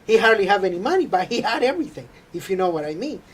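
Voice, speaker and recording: A man telling an earnest, halting faith testimony. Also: sits high, sing-song, breathy edge. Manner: halting, earnest storytelling with frequent hesitations. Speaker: interview guest.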